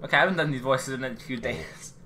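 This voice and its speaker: A woman hosting a game video at home, playful and teasing, with quick asides. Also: very deep voice, noisy background. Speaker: let's-play channel host. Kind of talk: casual let's-play chat.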